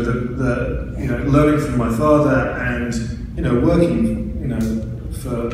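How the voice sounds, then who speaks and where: An Englishman talks to a live audience in a halting, wry way, stopping and restarting his sentences often. He sounds far from the microphone, in a room with long ringing reverb. A clear hiss runs under his voice. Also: medium pitch. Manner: halting, many restarts and fillers, wry humor. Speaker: record producer presenting a remix. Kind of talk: casual talk to an audience.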